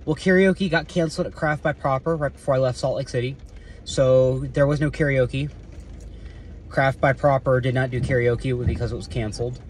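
A man's voice: medium pitch, steady tone, fast, hardly any pauses, slight background noise. A man filming a casual vlog from around his car, rambling with lots of fillers, restarts and casual swearing. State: eating while talking. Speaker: security guard vlogger.

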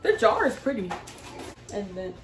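A woman's voice: mid-range voice, big pitch swings, moderate pace. A woman casually chatting through a grocery haul, laughing easily and drawing out product names. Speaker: vlogger. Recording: echoey room with noise.

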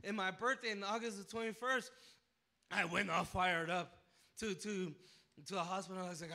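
A man with a high, very bright voice preaches a personal testimony to a church. He repeats words and restarts often, and his voice swells until he is nearly shouting. The delivery is emotional and raw. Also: steady tone, normal speed, creaky. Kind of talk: sermon testimony. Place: church sanctuary.

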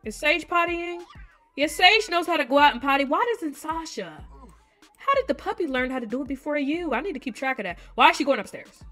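A woman hosting a gaming video, chatting casually to viewers and reading game text aloud in an expressive way. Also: high-pitched, fairly quick, faint music behind. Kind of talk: casual let's-play commentary to viewers.

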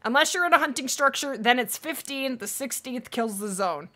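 A woman's voice: high-pitched, animated, normal speed, pushed and bright. A woman streaming a hunting game live, chatting casually and thanking viewers by name.

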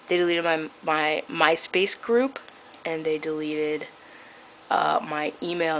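Chatty young woman with a low, bright voice. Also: slight background noise, poor audio. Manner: chatty, filler-heavy, laughs often, sarcastic. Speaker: vlogger. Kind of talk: casual vlog rant.

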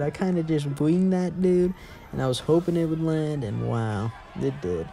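A man hosting a gaming channel, giving casual, excitable commentary while he plays a fighting game and exclaiming at big moments. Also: on the high side, unhurried, vocal fry, a little hiss or hum. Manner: excitable, laughs and exclaims during play. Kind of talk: casual let's-play commentary.

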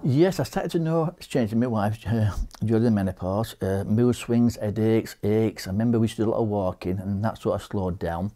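Halting Yorkshire man, low and dark. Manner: halting, repeats words, acts out quotes. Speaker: interviewee, bereaved husband. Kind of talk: personal testimony.

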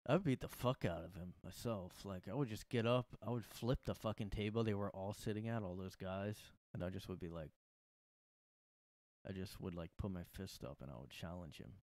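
A young man talks in a low, rambling voice as he hosts a comedy podcast from his room. He is sarcastic and profane, and the sound is dry and close. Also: brisk, darkish tone, no room sound. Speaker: podcast host. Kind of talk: casual comedic monologue.

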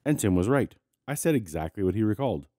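A man's voice: fairly low pitch, big pitch swings, fast, warm tone, no echo. A man hosting a commentary show, who narrates a scripted video in a dry, snarky way while sick and congested. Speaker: host.

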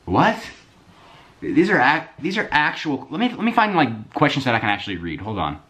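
A young man chatting casually to camera at home, rambling and excitable, swearing freely. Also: mid-range voice, moderate pace. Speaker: YouTuber. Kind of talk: casual vlog chat to camera. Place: indoors at home, bedroom.

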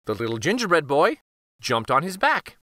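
A man hosting a children's read-aloud, narrating a picture book in an expressive storytelling manner. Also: on the high side, normal speed, no room sound, studio quality. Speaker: children's book reader, host.

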